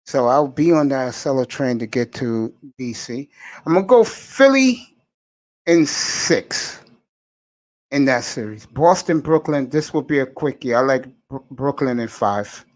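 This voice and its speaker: A man's voice: mid-range voice, unhurried, darkish tone, no room sound. Opinionated New man, dry close sound. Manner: opinionated, emphatic, talks to fans directly. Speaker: sports talk show host. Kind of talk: casual sports talk.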